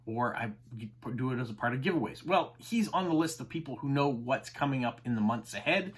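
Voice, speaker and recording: A man with a mid-range, fairly bright voice hosts a stamp collecting channel. He talks to the camera casually and enthusiastically, explaining terms and saying "uh" often.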